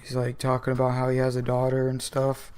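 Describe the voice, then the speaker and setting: A man's voice: medium pitch, completely flat delivery, brisk, darkish tone, clear, resonant tone. A man reviewing comic books in a casual, rambling style full of fillers. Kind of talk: casual video commentary.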